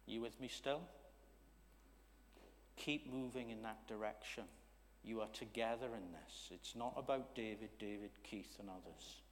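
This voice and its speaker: A man's voice: fairly low pitch, unhurried, slight background noise. Male preacher in a reverberant church. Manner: conversational, checks in with the congregation; swings from loud emphasis to hushed asides. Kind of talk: sermon.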